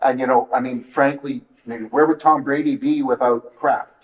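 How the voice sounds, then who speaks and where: A man's voice: mid-range voice, fairly even intonation, normal speed, far from the mic, dull audio. A man hosting an interview, speaking in a conversational, blunt and encouraging way. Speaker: interview host. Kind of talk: casual interview chat.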